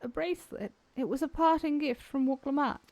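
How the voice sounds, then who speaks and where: Brief: woman streamer voicing elderly nursemaid, higher and softer, begging for help. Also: a little fast. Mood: grateful.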